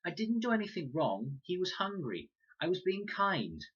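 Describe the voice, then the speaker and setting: Needs a man putting on a whiny, pouty little boy for a storybook reading, high and lively. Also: moderate pace, slightly rough, highs cut off, full character voice. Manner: pleading, pouty. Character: small boy, whiny and stubborn.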